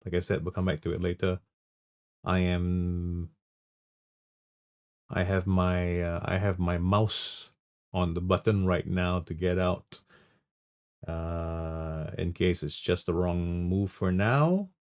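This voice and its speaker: Low gravelly guy talking through his trades live, halting, lots of restarts. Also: steady tone. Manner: thinking aloud, halting with restarts and fillers. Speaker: trading livestream host. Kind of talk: live trading commentary.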